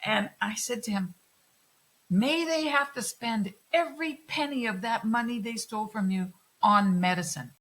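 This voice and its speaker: Middle-aged woman telling her stories in a chat, animated, swears a lot, does the voices. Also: on the high side, normal speed, poor audio. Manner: animated, swears freely, acts out quoted voices. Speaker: guest. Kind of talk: candid conversational storytelling.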